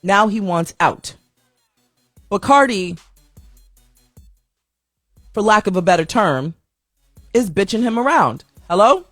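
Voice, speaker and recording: A woman's voice: medium pitch, expressive, slow, long pauses, dry recording, clean studio sound, faint music behind. A woman hosting a podcast, casually running through celebrity news headlines in a chatty, slangy, self-mocking way, sometimes tripping over her words. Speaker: podcast host.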